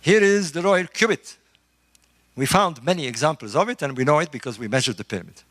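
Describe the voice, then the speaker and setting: A middle-aged man, a construction engineer, giving an emphatic, animated talk to a group in a room. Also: fairly high pitch, brisk, no echo. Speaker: speaker on ancient engineering. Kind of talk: lecture-style talk to a live group.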